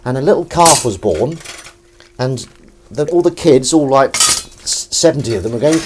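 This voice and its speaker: A man's voice: mid-range voice, expressive, normal speed, slight background noise. A man chatting casually while washing up at home, rambling through film trivia and asides to someone in the room. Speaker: vlogger washing up. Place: home kitchen. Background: clinking dishes and cutlery.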